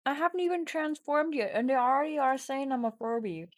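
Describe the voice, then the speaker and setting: A woman streamer casually reading a text adventure game aloud, playful and giggly, often breaking into loud mock shouting. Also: sits high, expressive, brisk, no room sound, studio quality.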